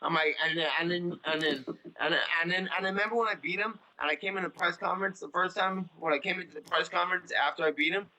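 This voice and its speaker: Man, 30s, interview guest: blunt, cursing, rambling, sharp forceful tone, slightly high voice. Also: quick pace, low-quality recording. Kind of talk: casual interview talk.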